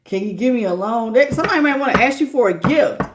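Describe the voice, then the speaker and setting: A woman runs a live tarot reading, her voice sitting high. She keeps laughing, drops into casual slang and sometimes acts out the lines of the people she reads about. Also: animated, fast. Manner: laughs often, slangy and playful. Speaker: tarot reader.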